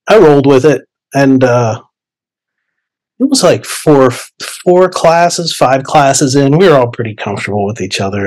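A young man casually telling a personal story, animated and chatty, acting out his own inner dialogue. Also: fairly low pitch, breathy edge, low-quality recording. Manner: animated, conversational, lots of fillers and quoted inner dialogue. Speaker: podcast guest storyteller.

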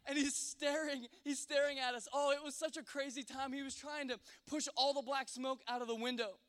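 A man telling a comic personal story to an audience, lively and rambling, with frequent restarts and fillers. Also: very high voice, a little fast. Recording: long hall reverb.

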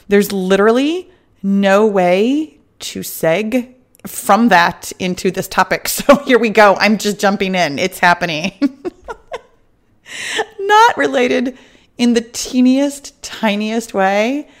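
A middle-aged woman hosting a fitness podcast as a weight loss coach, chatty and upbeat, laughing often and wandering off on tangents. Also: medium pitch. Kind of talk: casual podcast monologue.

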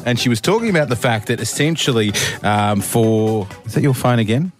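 A man's voice: medium pitch, animated, brisk, faint music behind. An Australian man co-hosting a radio breakfast show, jokey and a little rambling in casual banter. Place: radio studio.

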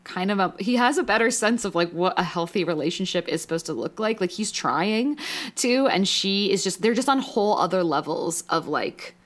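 A woman's voice: mid-range voice, moderate pace. A young woman co-hosting a podcast, chatting casually and emotionally about a TV episode, full of "like" fillers and restarts. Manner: rambling, many "like" fillers, emotional and animated. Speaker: podcast co-host. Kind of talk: casual recap chat.

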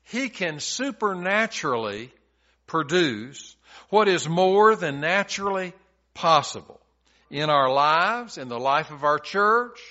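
A man's voice: a little high, pushed and bright, muffled recording. A male pastor preaching a sermon, retelling scripture stories in plain, folksy everyday talk.

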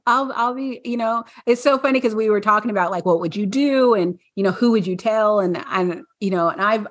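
A woman's voice: mid-range voice, fairly bright tone, no room sound, studio quality. A woman podcast co-host chatting casually, rambling with many fillers and frequent laughs. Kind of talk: casual chat.

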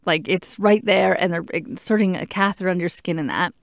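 Low-voiced woman telling a story. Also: brisk, creaky, no echo, studio quality. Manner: animated, acts out what others said. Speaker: patient recounting a procedure. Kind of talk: casual personal storytelling.

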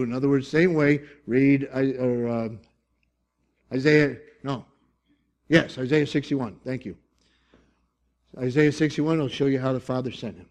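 A man preaching a sermon to his congregation, animated, with emphatic bursts and jokey asides. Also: mid-range voice, measured pace, long pauses. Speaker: pastor.

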